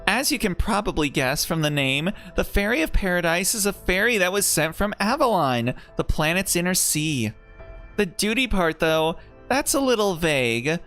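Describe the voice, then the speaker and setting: A young fairy girl from a paradise, explaining herself plainly and matter-of-factly, as a streamer reads her lines from a game story. The voice sits in a middle pitch, and faint music plays underneath. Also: very animated, normal speed, a bit bright. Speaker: streamer reading game dialogue aloud. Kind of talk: reading game story dialogue aloud.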